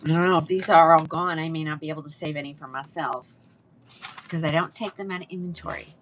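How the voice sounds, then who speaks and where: A woman's voice: low-pitched, fairly even intonation, fast talker, a bit bright, a little hiss or hum. Chatty woman selling wigs on a livestream. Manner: chatty, addresses viewers by name. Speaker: live-selling wig seller. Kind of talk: casual livestream sales chat.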